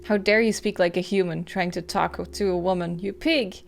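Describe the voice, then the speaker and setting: A scornful, hard-nosed detective who talks down to a prisoner in a low, cold voice, voiced by a woman reading a game aloud. The tone stays quiet and cutting. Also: steady tone, moderate pace, vocal fry, slight background noise.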